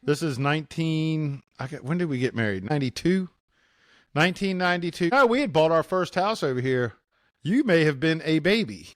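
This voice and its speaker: A man in his fifties from Virginia, a podcast guest telling stories in a casual, animated way. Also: on the high side, normal speed, dry recording, clean studio sound. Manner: animated storyteller, acts out the people he quotes. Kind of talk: casual storytelling chat.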